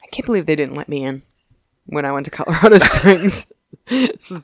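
A woman's voice: low-pitched, animated, no room sound, clean studio sound. A woman co-hosting a podcast, chatting casually and rambling with lots of laughs as she recaps a TV episode. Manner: giggly, rambling, puts on quick character voices. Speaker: podcast co-host.

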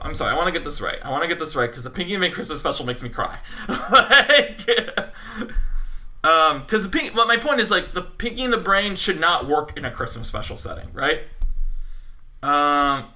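Excitable man with a bright voice. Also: fairly high pitch. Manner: animated, enthusiastic, full of fillers. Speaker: podcast co-host. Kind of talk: casual film podcast chat.

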